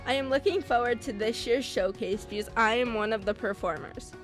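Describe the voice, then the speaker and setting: A teenage girl reads a school news report in a slightly high voice, pausing carefully between phrases. Soft music plays underneath. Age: teens. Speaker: student news anchor.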